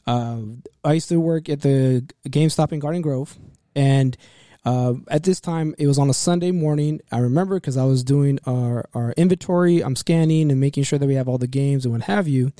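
A man's voice: medium pitch, brisk, mellow, no echo, studio quality. A young man co-hosting a casual chat, telling a workplace story in a rambling way with many fillers and restarts. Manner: rambling, full of fillers and restarts, acts out voices in quotes. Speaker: podcast co-host telling a story.

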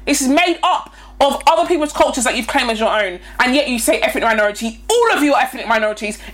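A woman's voice: high-pitched, quick pace. A young woman, chatting casually and animatedly on a podcast, mocking and opinionated. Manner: animated, mocking, puts on voices for quotes. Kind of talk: casual chat.

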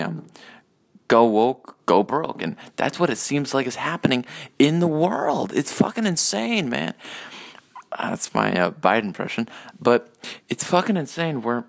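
A man's voice: medium pitch, vocal fry. A man hosting a casual solo rant podcast, rambling and profane with many hesitations. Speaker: podcast host.

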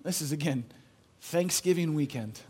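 A pastor preaching a sermon in an earnest, conversational way, telling a story and repeating phrases for emphasis. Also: male voice, a little high, moderate pace, a little mellow, breathy edge. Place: church.

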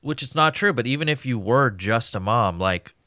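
A man in casual chat, speaking emphatically and swooping up when excited. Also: mid-range voice, normal speed, dry recording, studio quality.

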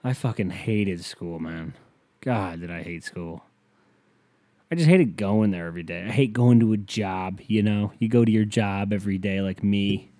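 A man's voice: fairly low pitch, moderate pace, mellow, no echo. A young man from Ohio hosting a solo podcast, rambling, swearing and mocking himself, on a headset mic. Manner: profane, self-mocking, rambling. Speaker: podcast host.

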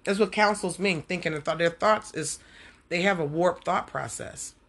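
A woman teaching a Bible passage at home in an animated, conversational way, talking straight to her listeners. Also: fairly low pitch, moderate pace. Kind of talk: casual devotional teaching.

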